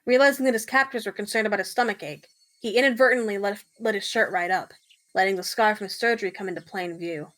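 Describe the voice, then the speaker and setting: A woman's voice: medium pitch, fast, fairly bright tone. A woman steadily reading visual-novel narration aloud, matter-of-fact.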